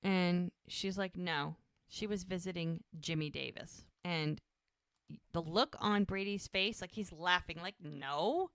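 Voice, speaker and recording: On a podcast she co-hosts, a woman retells a scene in a casual way and performs the characters' dialogue. Her voice is on the low side, slow, a bit bright and smooth, with clean studio sound and no echo.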